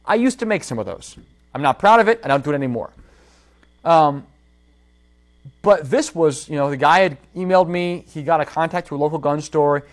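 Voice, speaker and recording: This holster maker's voice runs on the high side and moves fairly quickly. Hosting a relaxed livestream, he animatedly recounts a workshop story while addressing his audience directly.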